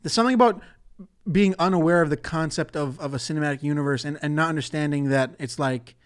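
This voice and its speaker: A man's voice: on the high side, quick pace, clean tone. A man hosting a solo podcast in a casual, rambling way, swearing and laughing often. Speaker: podcast host.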